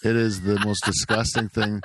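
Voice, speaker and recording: Casting: middle-aged male host, lowish voice, animated storyteller, dry close sound. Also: moderate pace, dry recording. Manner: animated storyteller, exaggerates with disgust. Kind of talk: casual chat.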